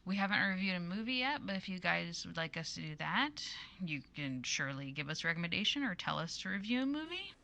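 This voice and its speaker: Woman co-host, casual chatty podcast talk, bright tone, a little low-pitched. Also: very animated, fast, creaky. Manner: chatty, laughs often.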